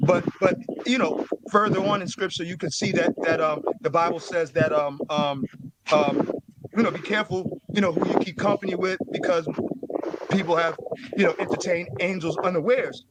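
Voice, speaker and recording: High-voiced man explaining scripture haltingly. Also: fairly even intonation. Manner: hesitant, many fillers. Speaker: panelist. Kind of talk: explaining scripture in casual debate. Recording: loud background noise.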